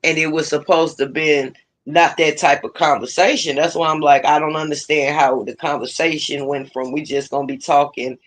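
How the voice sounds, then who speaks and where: Bright-voiced man pushing back. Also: fairly high pitch, steady tone, normal speed. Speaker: co-host. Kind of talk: casual chat.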